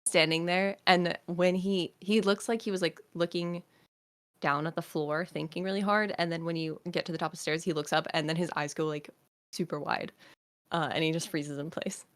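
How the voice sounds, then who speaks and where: A woman's voice: fairly low pitch, fairly even intonation, normal speed. A woman narrating as game master for a tabletop game, describing scenes with many fillers and hesitations.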